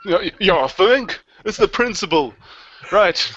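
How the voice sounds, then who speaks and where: A man's voice: sits high, lively intonation, measured pace, fairly bright tone. A man asking the panel playful questions in a casual live stream chat. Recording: dull lo-fi live stream audio.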